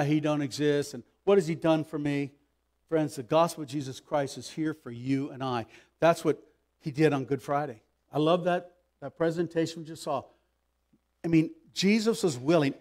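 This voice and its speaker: Impassioned pastor preaching. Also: male voice, on the high side. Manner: emphatic, swings between loud pleading and hushed asides. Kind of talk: sermon.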